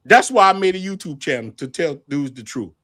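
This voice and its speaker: High-voiced man telling stories animatedly. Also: brisk, no echo. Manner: animated storytelling, laughs often, swears freely. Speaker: channel host. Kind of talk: casual livestream chat.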